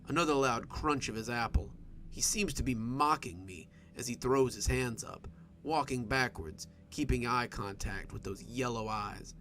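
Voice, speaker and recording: A man reading a first-person horror story in a steady, measured narration. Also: mid-range voice, slight background noise.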